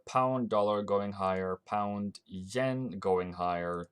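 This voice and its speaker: Low-voiced Norwegian man streaming trades. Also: slow pace, smooth. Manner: rambling, thinking aloud with frequent restarts. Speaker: forex trading streamer. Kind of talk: live-stream market commentary.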